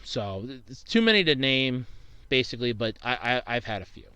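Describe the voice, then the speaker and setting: A man's voice: medium pitch, very animated, fairly quick, pushed and bright, clean tone, no room sound. A young man from Pennsylvania, a YouTuber casually answering viewer questions, rambling and swearing freely when he gets worked up. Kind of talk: casual Q&A monologue.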